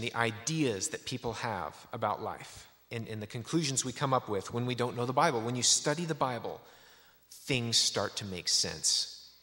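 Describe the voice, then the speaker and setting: A man's voice: mid-range voice, sharp tone. A man giving a sermon in a church, telling a story with many restarts. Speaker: preacher. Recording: echoey church hall.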